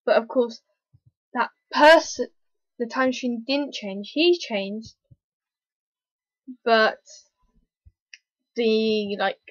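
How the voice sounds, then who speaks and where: A fairly high-voiced woman chats through a casual review vlog, full of ums and restarts as she gushes like an eager fan. Her voice comes through a dull, lo-fi recording with a dry, close sound. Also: drawn-out words, long pauses, no echo. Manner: rambling, hesitant, excitable fan with many fillers. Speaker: TV episode reviewer.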